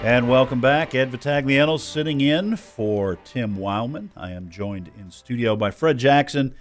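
A man's voice: mid-range voice, a little slow, soft background music. A man with a Boston accent hosting a talk radio show, chatty and jokey. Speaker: fill-in talk radio host.

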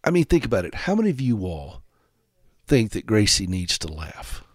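A man from South Carolina hosting a radio talk show, speaking straight to his listeners with sarcastic, animated humor. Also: lowish voice, normal speed, dry recording, studio quality. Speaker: radio host.

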